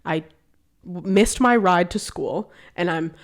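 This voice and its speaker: Lower-pitched young woman telling stories. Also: slow pace. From United States. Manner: animated storyteller, swears freely. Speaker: podcast co-host. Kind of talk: casual chat.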